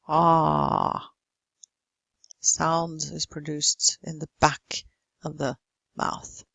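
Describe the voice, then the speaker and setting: A woman with a Norwegian accent giving a pronunciation lesson, saying example words slowly and carefully. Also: low voice, little pitch movement, vocal fry, a bit bright, dry recording. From Norway. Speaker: English pronunciation teacher.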